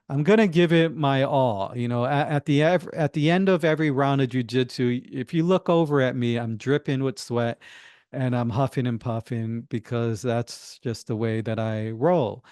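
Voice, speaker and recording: Halting, easygoing man hosting a podcast. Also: mid-range voice, darkish tone, smooth, no echo, studio quality. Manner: halting, many restarts and "you know". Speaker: podcast host. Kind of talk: casual solo monologue.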